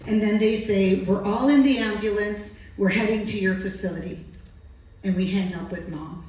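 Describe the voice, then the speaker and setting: A woman who works as a medical interpreter tells a personal story on stage, slow, earnest and emotional. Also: mid-range voice, darkish tone. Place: stage at a live storytelling evening. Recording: echoey hall, distant mic.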